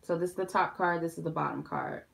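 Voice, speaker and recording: A woman's voice: on the low side, steady tone, fast talker, vocal fry, fairly bright tone. A woman doing a casual tarot reading, chatting frankly and loosely straight to her viewers. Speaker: tarot reader.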